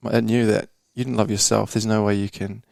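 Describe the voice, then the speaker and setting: A man's voice: on the low side, flat delivery, a little fast, vocal fry, a little mellow, dry recording, clean studio sound. A young man from New Zealand telling a candid personal story on a casual podcast, slangy and swearing, calling the host bro. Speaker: podcast guest.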